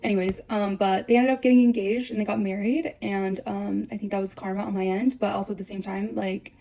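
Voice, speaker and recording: On a vlog, a young woman with a mid-range, gravelly, dark-toned voice recounts a breakup in a steady tone. She's blunt and profane, swearing constantly as her sentences run together rapidly.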